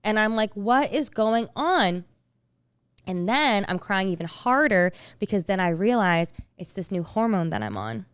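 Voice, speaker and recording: A woman's voice: medium pitch, lively intonation, normal speed, few pauses, a bit bright, smooth, no room sound. A young woman co-hosting a podcast in casual chat, rambling and restarting with lots of "like". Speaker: podcast co-host.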